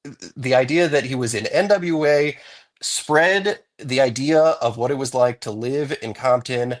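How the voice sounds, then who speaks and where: A man in a casual chat, measured and thoughtful, making long run-on points. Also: mid-range voice. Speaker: co-host.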